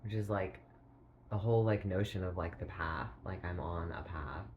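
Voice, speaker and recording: A man thinking aloud in a rambling philosophical monologue, halting and full of filler words, often clearing his throat. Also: deep voice, phone-quality sound, a little hiss or hum.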